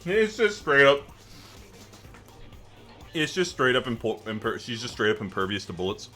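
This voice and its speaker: A man streaming live, chatting casually in an animated, exasperated way with frequent laughs. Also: medium pitch, moderate pace, faint music behind.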